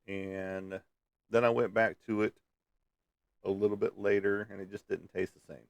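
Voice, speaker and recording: A man's voice: fairly low pitch, flat delivery, moderate pace, vocal fry, dry recording. A man hosting a casual livestream, rambling in a folksy way and chuckling as he answers viewer comments. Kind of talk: casual chat.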